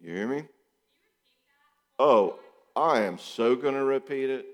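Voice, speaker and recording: Speaking slowly in a large hall, a middle-aged psychologist with a mid-range voice gives a casual talk on relationships. He's animated, voicing the quotes he acts out, asking rhetorical questions and restating points to drive them home.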